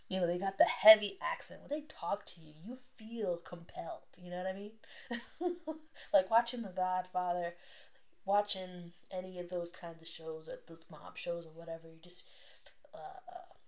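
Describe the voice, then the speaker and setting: A woman's voice: on the low side, darkish tone. A young adult woman hosting a casual solo podcast, chatting freely, laughing often and sometimes dropping to a whisper. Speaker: podcast host.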